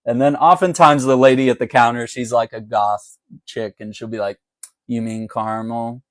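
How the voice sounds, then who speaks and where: Male commentator for a casual livestream chat, loose and laughing, mid pitch, dry close recording. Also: normal speed, no room sound. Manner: chatty and conversational, laughs often. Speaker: political commentator.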